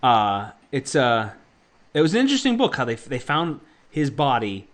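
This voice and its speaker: A man's voice: mid-range voice, wildly swooping pitch, moderate pace. A man in casual livestream conversation who rambles through his points. He trips over his own sentences and fills the gaps with ums and uhs. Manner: rambling, many fillers and restarts. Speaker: podcast co-host.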